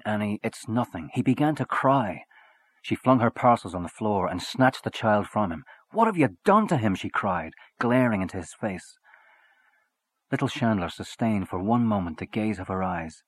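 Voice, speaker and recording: Husky man narrating a short story. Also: on the low side. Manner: measured, expressive storytelling.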